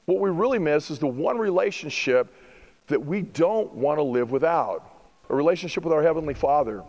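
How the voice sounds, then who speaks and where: A middle-aged man preaches a sermon in a fairly high voice, driving home his points with emphatic rhetorical questions. His voice carries a long reverb from a church hall. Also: animated, brisk, a little mellow. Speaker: pastor.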